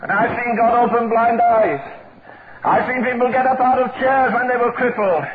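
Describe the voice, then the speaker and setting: High-voiced older preacher, fiery sermon. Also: male voice, fairly even intonation, normal speed. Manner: impassioned, emphatic, repeating phrases for force. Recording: tinny phone-like recording with loud crowd.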